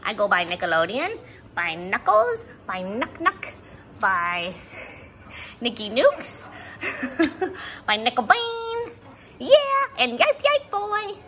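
A tiny male chihuahua chirps in a squeaky, cutesy baby voice, as his owner puts him on, bouncing all over the place. The home video carries dog noises behind him. He talks slowly and sweetly. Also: wildly swooping pitch, a bit bright, full character voice. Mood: cheerful. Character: small male long-haired chihuahua, cheerful and greedy.

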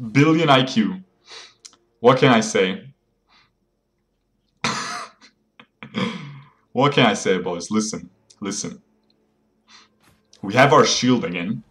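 A man's voice: lowish voice, lively intonation, takes it slowly, long pauses, a bit bright. A young man streaming a mobile game, bragging jokingly, laughing often and talking to his viewers as boys. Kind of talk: joking live gameplay commentary.

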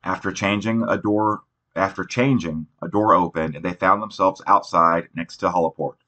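A man narrating an audiobook in an unhurried reading voice, now and then restarting a word. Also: sits low, steady tone, pushed and bright.

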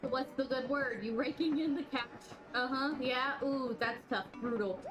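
A woman's voice: high-pitched, moderate pace, lightly acted, rough recording. A woman reading out the lines of a chatty male cat traveler in a game, breezy and gossipy. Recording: game music playing underneath. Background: game music.

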